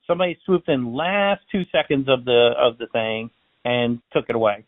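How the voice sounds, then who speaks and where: In a casual interview, a Florida-based magician and balloon artist tells stories at a fairly quick clip, his voice medium-pitched. He's a lively, chatty storyteller who plays out the characters' lines. The recording has no echo and a tinny phone-line quality.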